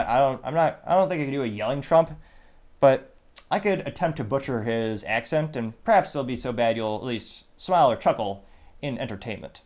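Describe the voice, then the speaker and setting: A man's voice: mid-range voice, darkish tone. Rambling man hosting a political podcast. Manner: rambling, self-interrupting, reads listener comments aloud. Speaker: podcast host. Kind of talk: solo political commentary podcast.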